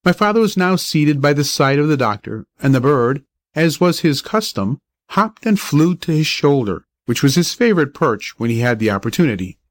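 A man reading a story aloud in a measured, steady way. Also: a little high, no echo. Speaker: narrator. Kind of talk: audiobook narration.

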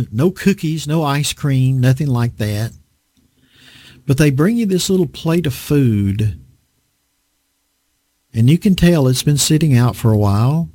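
A man's voice: mid-range voice, takes it slowly, pauses often, dry recording, studio quality. A man preaching a conversational sermon, teaching a Bible lesson and asking his listeners rhetorical questions. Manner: animated, asks the audience rhetorical questions.

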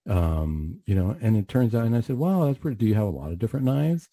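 A man's voice: lowish voice, big pitch swings, fast, mellow, no echo. A middle-aged man telling a personal story on a radio show in an earnest way, often repeating words and quoting his own past dialogue. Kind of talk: storytelling talk.

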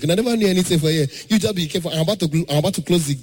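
A man doing an animated stand-up comedy set, slipping into pidgin and acting out the characters in his stories. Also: sits high, rapid-fire, breathy edge. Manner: animated, acts out mothers and airline staff in pidgin.

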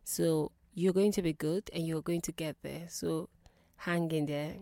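Woman radio host, lowish voice, dry close mic, earnest encouraging talk that goes soft then louder. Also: fairly even intonation, measured pace, creaky, no echo. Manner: earnest and reassuring, moving between soft near-whispers and louder pleading. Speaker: radio call-in show host. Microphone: studio microphone.

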